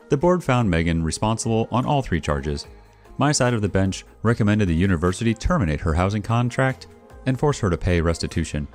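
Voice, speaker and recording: A man with a notably deep voice reads a first-person story, his pitch rising and falling with lively expression. His delivery is wry and expressive, like a seasoned channel narrator. Soft music plays faintly underneath. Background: faint background music.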